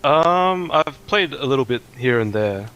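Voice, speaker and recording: A man's voice: mid-range voice, lively intonation, unhurried, fairly bright tone, a little hiss or hum, low-quality recording. An Australian man from Sydney, a guest player answering briefly and hesitantly on voice chat. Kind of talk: casual voice chat.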